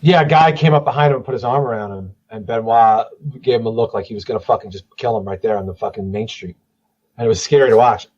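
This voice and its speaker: A man's voice: on the low side, fast, darkish tone, highs cut off. A man talking casually on a podcast, rambling and swearing as he tells wrestling stories. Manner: rambling, profane, trailing into mumbles.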